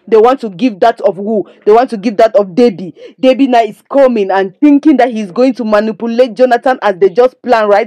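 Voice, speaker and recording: A young Nigerian woman, a movie reviewer, chats casually through a recap of a drama episode, calling her listeners "my people" and stopping to lecture them with preachy asides. Her voice is fairly high and warm, recorded with no room sound.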